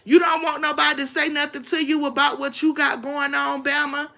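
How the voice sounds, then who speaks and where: Woman, livestream host, confrontational profane rant, high gravelly voice. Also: level tone, fairly quick, pushed and bright. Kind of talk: ranting live-stream commentary.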